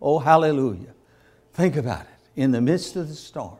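A man's voice: a little high, animated, moderate pace, darkish tone. A man preaching a sermon, repeating phrases and building to emotional peaks.

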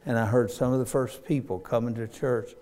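An older man, preaching a sermon in a folksy storytelling way that breaks into sudden loud cries. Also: mid-range voice, steady tone, brisk.

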